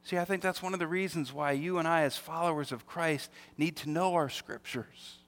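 A man's voice: on the high side, normal speed, fairly bright tone. A man preaching a sermon as pastor, with emphatic rhetorical questions and acted-out quotes. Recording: reverberant hall.

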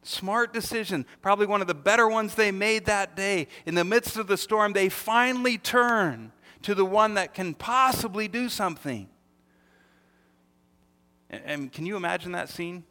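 Bright-voiced preacher man in a reverberant hall. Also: sits high, moderate pace. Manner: emphatic preaching with rhetorical questions and acted-out quotes. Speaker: pastor. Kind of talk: sermon.

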